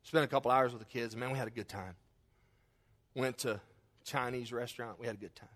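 A man preaching a sermon and telling a family story in a folksy way, moving between loud emphasis and quiet, hushed lines. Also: mid-range voice, fairly even intonation, fairly quick. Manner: acts out quotes in his story. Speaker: pastor.

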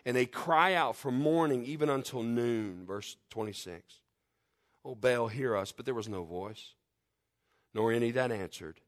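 A man's voice: mid-range voice, moderate pace. A man preaching a sermon with fervent, emphatic delivery, reading scripture in old-fashioned wording and leading a prayer. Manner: fervent, rising to loud emphatic peaks then dropping quiet; reads scripture in King James wording.

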